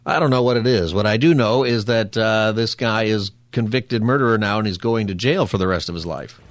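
A man hosting a radio talk show, chatting quickly and casually with jokey asides into a studio microphone. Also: fairly low pitch, no echo.

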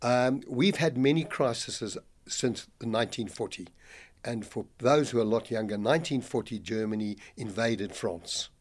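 An older man talks personal finance as a guest in a radio studio. He is animated and quick to laugh, padding his thoughts with easygoing fillers, in a voice of ordinary middle pitch. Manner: animated, laughs easily, fills with "look, you know". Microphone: studio microphone.

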